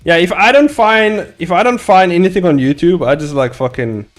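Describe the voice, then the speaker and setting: A man's voice: high-pitched, animated, moderate pace, faint music behind. A young man chatting casually with viewers while drawing his comic. He rambles, laughs a lot and swears freely. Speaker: comic artist streaming. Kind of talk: casual live-stream chat.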